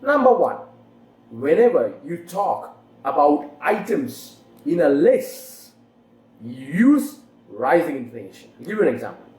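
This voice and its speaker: An English teacher gives an online lesson, posing rhetorical questions and swinging the voice through exaggerated rises and falls. The mid-range, darkish voice has big pitch swings and moves a little slowly, recorded with roomy echo and faint background noise.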